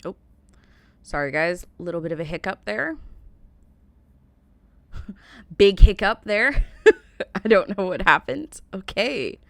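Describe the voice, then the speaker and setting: A woman's voice: medium pitch, lively intonation, takes it slowly, vocal fry, long pauses, no echo. An American woman hosting a reaction video, chatting casually with a rambling, giggly manner. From United States. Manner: chatty, rambling, laughs often. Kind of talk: casual chat.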